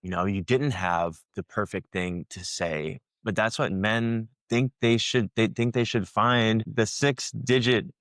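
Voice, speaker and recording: Deep-voiced man, podcast host. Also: steady tone, unhurried, few pauses, fairly bright tone, dry recording. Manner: thoughtful, affirming. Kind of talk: podcast interview.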